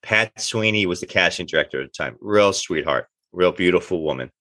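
A middle-aged man tells stories from his acting career in a casual interview, jumping into the voices of the people he quotes. His voice sits on the lower side and has a bright, forceful edge. The sound is close and dry. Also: fairly quick, dry recording. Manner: animated anecdotes, acts out quoted dialogue. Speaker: actor guest.

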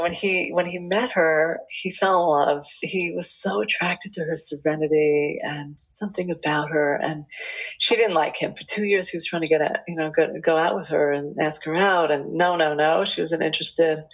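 A woman speaking as a relationship expert, telling stories from her interviews in an animated, rambling way with many restarts. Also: low-pitched, breathy edge, rough recording. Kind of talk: storytelling interview answers.

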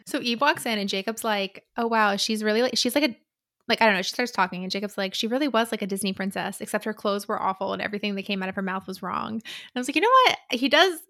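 Fast-talking bright woman podcaster. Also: steady tone. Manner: laughs often, quotes characters in lowered voice. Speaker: podcast co-host. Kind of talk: casual book chat.

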